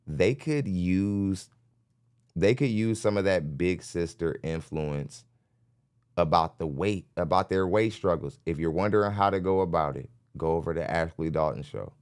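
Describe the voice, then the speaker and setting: Deep-voiced, blunt male podcast host. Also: unhurried, clean tone. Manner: blunt, laughing, addresses chat directly. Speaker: podcast host reacting to a clip. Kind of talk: live reaction commentary. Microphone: studio mic.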